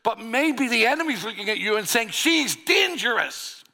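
A man's voice: very high voice, lively intonation, brisk, pushed and bright. A man preaching a sermon, earnest and full of rhetorical questions. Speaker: pastor.

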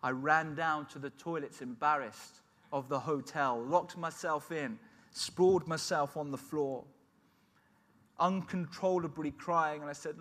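A man's voice: fairly high pitch, fairly even intonation, unhurried, a bit bright. A middle-aged man giving an emotional personal testimony as a sermon, telling his story earnestly. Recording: long hall reverb.

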